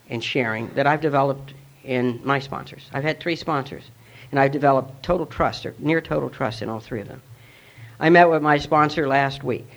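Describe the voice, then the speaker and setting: A gravelly, middle-aged man talks through his testimony in an earnest, reflective way. His recording sounds dull and lo-fi, with the voice sitting at a medium pitch. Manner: earnest, reflective storytelling with plain fillers. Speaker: speaker at a recovery meeting. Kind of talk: personal testimony talk.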